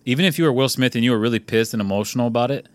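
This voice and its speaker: A young adult man in a laid-back podcast chat. He rambles, swears freely and leans on filler words as he jumps between thoughts. His voice sits at an ordinary middle pitch. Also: racing, no echo. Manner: loose, profane, rambling with lots of "like". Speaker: podcast host.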